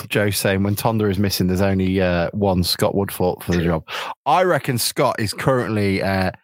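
A man's voice: low-pitched, normal speed, no room sound. A man from England hosting a casual football podcast over a video call, chatty, with many ums, restarts and laughs. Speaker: podcast host.

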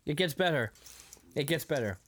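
Animated man recapping a movie. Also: on the high side, normal speed. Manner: animated, acts out movie lines, laughs often. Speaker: podcast co-host. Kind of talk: casual movie recap chat.

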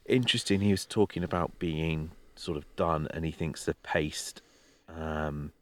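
A man with an extremely deep voice chats easygoing as a co-host, hesitant and filler-heavy. A faint noise sits behind his voice. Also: measured pace, a bit bright. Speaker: podcast co-host. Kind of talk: casual chat.

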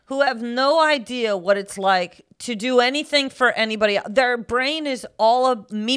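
Young woman co-host, high voice, blunt and profane. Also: normal speed, few pauses, a bit bright, clean tone. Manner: blunt, swears freely, laughs often. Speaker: podcast co-host. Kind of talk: casual chat.

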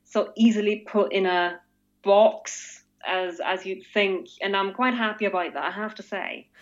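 A woman's voice: mid-range voice, a little slow. An Austrian woman with a German first language, speaking English with a mixed British-Irish lilt, chatting as a podcast guest with frequent restarts and laughing asides. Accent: Austrian with British and Irish English traces. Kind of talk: casual conversation. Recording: slightly dull lo-fi audio.

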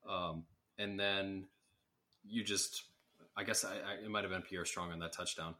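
Guy with a low but bright, sharp voice, sarcastic sports podcast chat. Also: fairly even intonation, measured pace. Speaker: podcast co-host.

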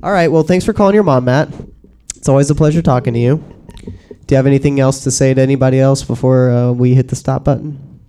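A man's voice: mid-range voice, steady tone, fast, mellow, clear, resonant tone. A man co-hosting a podcast in casual chat, loose and laughing, with frequent swearing. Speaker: podcast co-host.

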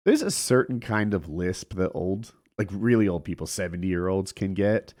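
Podcast host, male, low voice that swings widely, chatty and amused. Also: normal speed. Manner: animated, laughs often, trails off. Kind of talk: casual political chat.

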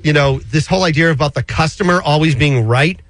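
A man's voice: on the high side, brisk, fairly bright tone, dry recording. A man hosting a casual radio talk show, chatty and rambling. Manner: chatty, rambling, with many fillers and restarts. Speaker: radio show host answering listener finance questions.

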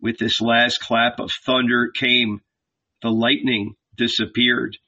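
Slow, solemn male audiobook narrator. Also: mid-range voice, level tone, sharp tone. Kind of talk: scripted narration. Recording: dull lo-fi recording.

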